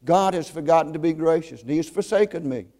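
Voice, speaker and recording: A man's voice: fairly high pitch, fast talker, warm tone, close to an everyday voice. A man voicing a distressed, tearful young mother in a sermon story, pleading in a raised voice. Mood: distraught.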